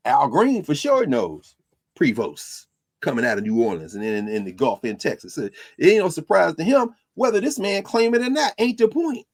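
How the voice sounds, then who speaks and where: Animated, husky-voiced man lecturing. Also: fairly high pitch, moderate pace. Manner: preacherly, animated, mixing quotes and asides. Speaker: podcast host and teacher. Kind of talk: lecture-style commentary.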